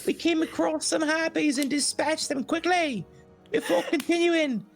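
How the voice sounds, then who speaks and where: A young boy's voice, high and earnest, recites a butler's tale in long, breathless sentences, performed by a man putting it on. Soft music plays underneath. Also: fairly even intonation, moderate pace. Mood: earnest recital. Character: butler recalling his boyhood, young boy voice. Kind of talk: reading a recap in character.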